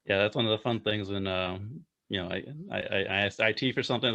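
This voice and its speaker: A man's voice: lowish voice, steady tone, quick pace, a bit bright, dull audio. Chatty male podcast guest. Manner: chatty, acts out little exchanges. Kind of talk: casual chat.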